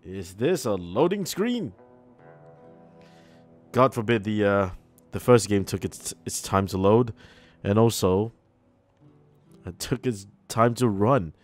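A man talks over a video game in a loose, sarcastic running commentary, reacting out loud to what's on screen. His voice sits a bit low, and faint music plays underneath. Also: animated, slow, long pauses. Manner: chatty, sarcastic, reacts aloud. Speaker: gaming channel host. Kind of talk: let's play commentary.

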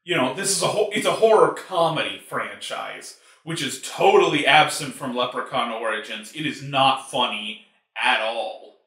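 Profane ranting man, lively pitch. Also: moderate pace. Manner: profane, exasperated, lots of filler words. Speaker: movie reviewer host. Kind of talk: casual ranting review. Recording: roomy echo.

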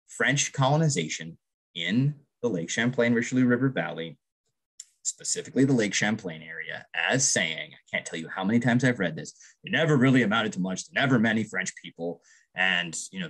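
A man's voice: on the low side, a bit bright, husky. A man lecturing on archaeology to a public audience, enthusiastic, often checking in with "right?". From Vermont's Northeast Kingdom. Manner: enthusiastic, frequent tag "right?".

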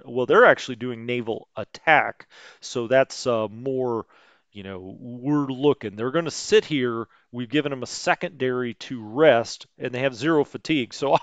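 Man, middle pitch, smooth, chatty game streamer; dry, slightly muffled mic. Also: no echo. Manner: chatty, greets live chat viewers, light jokes. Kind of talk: casual let's play commentary.

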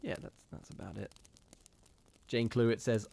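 A man hosting a live stream, reading ghost stories and chatting casually in a giggly, rambling, animated way. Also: medium pitch, a little slow, vocal fry.

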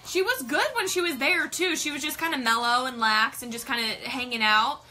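Bubbly woman host, very bright high voice, chatty live-stream greeter, faint music behind. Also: a little fast. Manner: bubbly, greets viewers by name, gushes. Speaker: livestream host. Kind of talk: casual live-stream chat.

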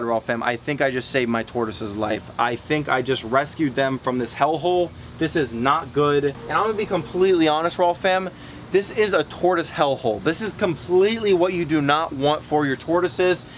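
A man talking to viewers in a casual outdoor vlog, excitable and direct, sometimes out of breath, recorded on an action camera. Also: a little high. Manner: excitable, talks straight to viewers. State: out of breath at times. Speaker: vlogger, animal keeper. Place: outdoors, animal yard in hot weather. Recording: outdoor camera audio with noise.

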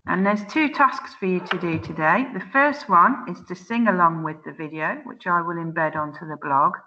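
A woman teaching children an online French lesson, saying words slowly and clearly for them to repeat, chatty and laughing at her own slips. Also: fairly low pitch, bright, forceful tone, lo-fi sound. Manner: slow, clear drilling of words for repetition; chatty and self-mocking, exclaims at slips. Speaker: primary school teacher.

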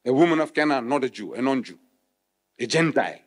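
A man from South Africa giving a public religious lecture, switching between loud rhetorical questions and quiet explanation. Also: mid-range voice, expressive, fairly quick. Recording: echoey hall, old remastered recording.

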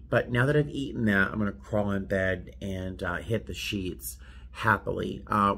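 A man's voice: fairly low pitch, fairly bright tone. A man in a casual vlog, chatting to the camera in a rambling, self-deprecating way from a hotel room. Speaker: flight attendant vlogger.

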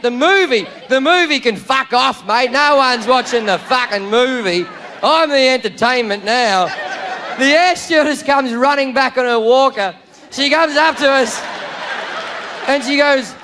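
Crude, shouty Australian comedian. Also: male voice, very high voice, lively intonation, normal speed. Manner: crude, swearing, shouty storytelling. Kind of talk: stand-up comedy. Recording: live show with loud crowd noise.

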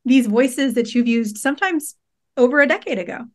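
Woman, interview host, high voice, chatty, rambling questions. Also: lively intonation, a little fast. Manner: chatty, self-deprecating, hesitant with fillers. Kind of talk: casual interview.

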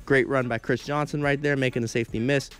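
A man's voice: medium pitch, steady tone, fast, fairly bright tone, smooth. A teenage boy doing play-by-play commentary over his football video game, often tripping over his words and apologizing. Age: teens. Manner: stumbles over words, self-deprecating asides. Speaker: gameplay commentator. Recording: game music in background.

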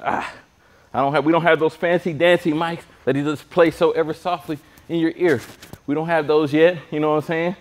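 A man's voice: fairly high pitch, fairly even intonation, brisk. A man leading a virtual PE class, joking and bantering with his co-coach while calling out exercises. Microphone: clip-on mic pack.

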